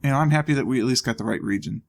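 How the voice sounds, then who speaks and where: A man with a gravelly, creaky voice talks through a video game in a loose, casual way. He thinks out loud and throws in dry little jokes as he goes. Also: medium pitch, rapid-fire. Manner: thinking aloud, wry asides. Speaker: let's play host. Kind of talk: casual gameplay commentary.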